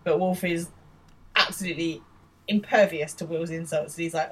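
A woman's voice: fairly low pitch, steady tone, moderate pace, a bit bright, slightly rough, recorded from a distance. A woman from England co-hosting a podcast, retelling a TV episode and sharing a story from her school days, laughing often. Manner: laughs often, quotes characters while retelling. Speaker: podcast co-host. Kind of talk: casual recap of a TV episode.

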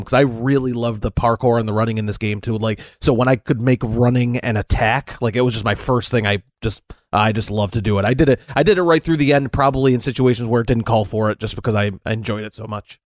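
A man's voice: medium pitch, fast talker, hardly any pauses, dry recording, clean studio sound. A man on a podcast gushing happily about his favourite game move, half laughing as he talks. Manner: enthusiastic, giggly. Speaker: podcast co-host. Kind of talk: casual game discussion.

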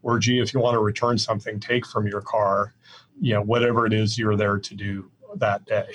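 An older man from the Midwest, a real estate executive answering podcast interview questions in a measured, plainspoken way with frequent fillers. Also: lowish voice, level tone, slight background noise, rough recording. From Midwest US, Iowa.

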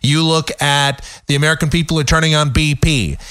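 A man's voice: fairly high pitch, fairly even intonation, fairly quick, pushed and bright, clear, resonant tone, dry recording, studio quality. A man hosting a talk radio show, ranting sarcastically in an opinionated monologue. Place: radio studio.

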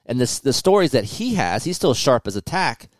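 A man hosting a motocross podcast, telling stories in a casual, animated way and swearing often. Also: mid-range voice, normal speed, no echo, studio quality. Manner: profane, animated storytelling. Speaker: podcast host, motocross test rider. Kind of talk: casual chat.

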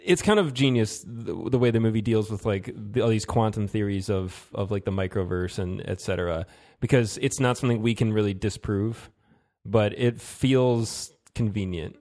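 A man's voice: on the low side, moderate pace. A man co-hosting a casual movie discussion, telling stories and acting out the voices in them. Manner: animated storyteller, acts out voices in anecdotes.

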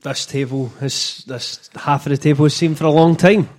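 A Scottish man on a football podcast panel, full of sweary, animated banter. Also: on the high side, normal speed. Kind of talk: casual football chat.

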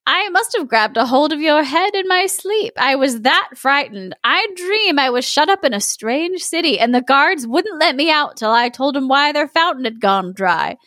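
A woman voicing the sharp-tongued old grandmother of a giant, pert and quick-witted. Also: sits high, expressive, no room sound, studio quality, pitched above the performer's own voice. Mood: sassy.

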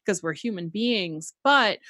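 A woman's voice: mid-range voice, expressive, a little slow, a bit bright, no echo, studio quality. A woman hosting a podcast, talking things through in a reflective, casual way with lots of "like". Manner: reflective, thinking aloud with frequent "like". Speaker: podcast host. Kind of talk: casual conversational interview.

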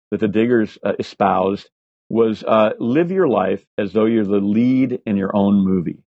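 Husky 60s guy telling wild stories, lots of swearing and um's, dry kinda dull audio. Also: fairly low pitch, no room sound. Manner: profane, animated anecdotes with many fillers. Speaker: guest. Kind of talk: casual storytelling interview.

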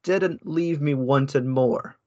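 A man's voice: mid-range voice, slow pace, dark tone, muffled recording. A man co-hosting a casual beer-tasting podcast, hesitant and understated. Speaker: podcast co-host.

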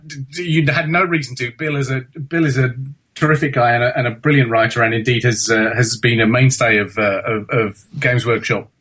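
A man guesting on a podcast answers in a measured, polite way with a dry wit. His voice sits at an ordinary pitch. He speaks calmly. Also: slightly rough. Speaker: guest, novelist. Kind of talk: podcast interview.

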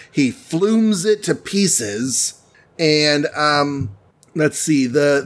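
A man casually recapping a comic book story on a podcast, playfully acting out the characters' lines. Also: a little high. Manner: playful, acts out characters in quick voices.

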